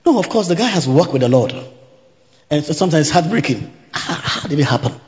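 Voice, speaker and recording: A man preaching a sermon in a church hall, repeating each point slowly and checking that the congregation is following. His voice carries a long reverb through the room, and the recording sounds dull and muffled. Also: fairly high pitch, lively intonation, a little mellow. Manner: teaching by repetition, asking the congregation if they follow; interjects hallelujah.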